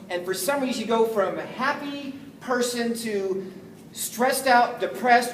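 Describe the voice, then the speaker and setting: A man giving an energetic, jokey sales training talk to a live group, often acting out phone calls. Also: very high-pitched, a little slow, recorded from a distance. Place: meeting room with an audience. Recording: echoey room, voice from afar, faint noise.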